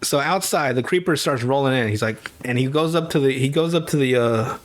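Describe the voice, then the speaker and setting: Profane, laughing man recapping a cartoon. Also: mid-range voice. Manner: profane, laughing storyteller who slips into quick character voices. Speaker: podcast host. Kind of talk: casual podcast chat.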